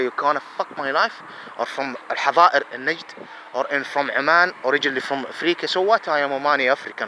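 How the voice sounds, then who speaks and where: A man's voice: fairly high pitch, noisy background. A man, giving an angry, profane monologue full of repeated, emphatic questions. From Saudi Arabia.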